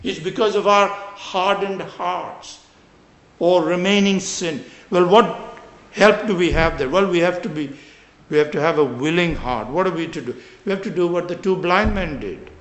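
A man's voice: high-pitched, normal speed. Earnest preacher man in an echoey room. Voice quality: preaching with wide swings between loud emphasis and quiet drops. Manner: earnest, urgent exhortation with scripture quotations. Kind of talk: sermon.

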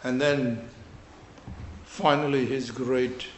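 A man preaching an earnest, urgent sermon, swinging between loud emphasis and quiet drops. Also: medium pitch, steady tone, takes it slowly, roomy sound, a little hiss or hum. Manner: earnest, urgent exhortation with scripture quotations.

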